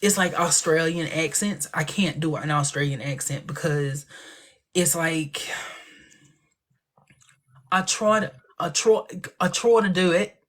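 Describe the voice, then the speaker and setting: A man's voice: on the high side, unhurried, long pauses. Chatty man hosting a livestream. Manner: chatty, expressive, playful asides. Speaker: livestream host. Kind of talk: casual livestream chat.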